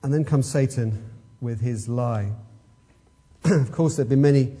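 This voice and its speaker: A man's voice: mid-range voice, measured pace, dark tone, husky. A man preaching an expository sermon, emphatic and fond of rhetorical questions.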